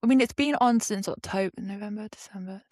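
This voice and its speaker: A woman's voice: medium pitch, fast, darkish tone, no echo, clean studio sound. A woman co-hosting a podcast who recounts things casually and at length with easy fillers. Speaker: podcast co-host. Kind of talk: casual chat.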